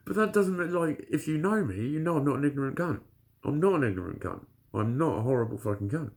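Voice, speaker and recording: A man's voice: fairly high pitch, lively intonation, fast talker. A man telling a story to camera in casual vlog talk, blunt and full of swearing, laughing often. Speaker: vlogger.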